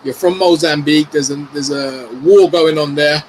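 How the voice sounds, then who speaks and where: A man from the UK argues forcefully on an online debate panel, swearing and pressing to finish his point. His voice sits a little high, with a faint hiss of background noise behind him. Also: normal speed. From United Kingdom. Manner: forceful, argumentative, profane, insists on finishing.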